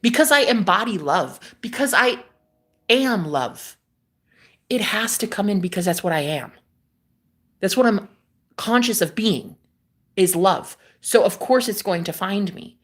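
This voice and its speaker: A woman's voice: mid-range voice, lively intonation, measured pace, pauses often, a bit bright. A young woman from the United States who hosts a livestream, chatting casually to viewers about spirituality and life, meandering, swearing freely and laughing often. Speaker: livestream host.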